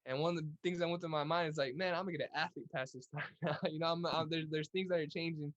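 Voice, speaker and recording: A man's voice: fairly high pitch, fairly even intonation, quick pace, muffled recording. A young man from California's Central Valley, a guest telling stories in a casual interview, upbeat with many restarts. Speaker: guest, Olympic boxer.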